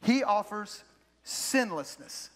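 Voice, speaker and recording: A man with a high-pitched voice preaching a sermon from the pulpit. He tells stories with animated energy and hammers home his main phrases by repeating them slowly. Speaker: pastor. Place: church sanctuary.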